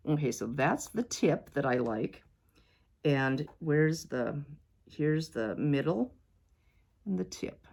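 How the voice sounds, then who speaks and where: Low-voiced woman chatting while quilting. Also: animated, slow pace, gravelly, a little mellow. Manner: chatty, self-doubting, talks to viewers as "you guys". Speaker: quilting vlogger. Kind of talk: casual talk-along while sewing.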